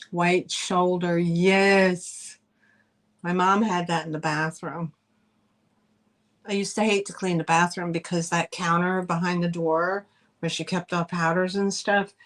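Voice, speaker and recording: A middle-aged woman hosting a live online sale, chatting in a rambling, easygoing way and laughing easily as she shows items. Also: fairly low pitch. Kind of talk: casual live-stream selling chat.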